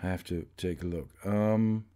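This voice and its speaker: A man's voice: low voice, moderate pace, mellow. A man hosting a let's play, giving casual, rambling gaming commentary and often correcting himself as he goes. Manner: rambling, chatty, self-correcting.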